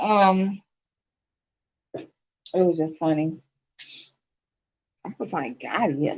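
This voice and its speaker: A woman's voice: medium pitch, slightly rough. Chatty swearing woman, dull lo-fi sound. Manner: loud and expressive, laughs a lot, swears casually. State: yawning, tired. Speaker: vlogger. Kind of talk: casual chat to viewers.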